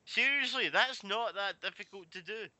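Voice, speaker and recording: A man with a very bright, slightly high voice, trading crude jokes in relaxed podcast chat. He laughs often and talks casually. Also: moderate pace, no echo, low-quality recording. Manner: laughing, joking banter. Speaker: podcast co-host. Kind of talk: casual group chat watching a film.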